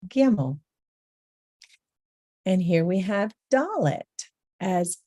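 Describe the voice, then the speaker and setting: Slow, patient female teacher for a beginner lesson; lowish mellow voice, repeats each sound. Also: no echo, studio quality. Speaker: language teacher.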